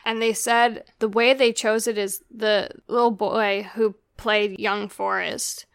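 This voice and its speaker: A woman's voice: mid-range voice, level tone, slow, vocal fry, fairly bright tone, smooth, no room sound. A woman in a casual chat about a film, talking with fillers and trailing sentences. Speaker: podcast co-host discussing a film.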